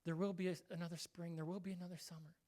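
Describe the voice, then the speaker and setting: A man's voice: sits high, flat delivery, rapid-fire, darkish tone. A male pastor giving a casual, conversational sermon, acting out short quoted voices now and then.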